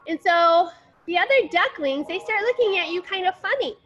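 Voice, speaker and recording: A woman's voice: very high voice, animated, moderate pace, fairly bright tone, lo-fi sound. A woman leading small children through a dance class, telling a playful story with movement cues. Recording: echoey room with faint music.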